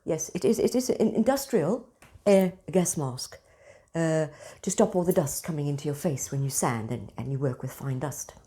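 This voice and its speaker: Animated woman telling a story. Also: medium pitch. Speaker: spiritual centre host. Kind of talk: casual storytelling monologue.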